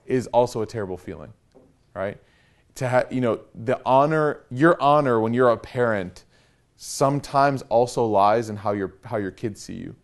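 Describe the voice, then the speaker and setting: A young man giving a casual storytelling lecture, animated and conversational with slangy asides. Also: mid-range voice. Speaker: preacher.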